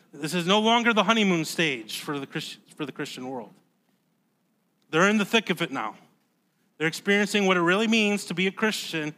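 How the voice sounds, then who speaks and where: Emphatic pastor, bright forceful voice. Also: male voice, sits high. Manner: emphatic, swings from hushed to loud; conversational, repeats words. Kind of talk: sermon.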